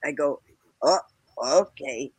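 Speaking slowly in a husky, darkish voice, a woman animatedly recounts a personal story, laughing as she goes and voicing quoted people with big pitch jumps. The recording is poor and dry.

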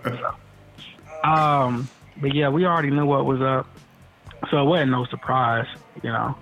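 A man's voice: medium pitch, fairly even intonation, a little slow, muffled recording, over music. A man speaking as a photographer guest in a casual interview, laid-back and blunt, swearing casually.

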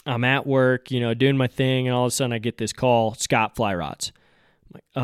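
A fishing guide hosting his podcast, telling a casual story and acting out his own excited and let-down reactions. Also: mid-range voice, moderate pace, clear, resonant tone, no echo, clean studio sound. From Colorado.

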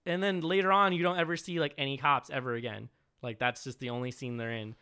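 A man in casual chat about a movie, telling scenes in an animated, swearing way. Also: medium pitch, quick pace, clean tone.

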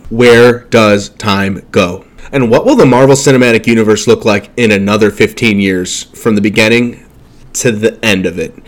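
A man giving a casual, enthusiastic fan recap of an episode, chatty and full of small restarts. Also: fairly low pitch. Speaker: show recapper.

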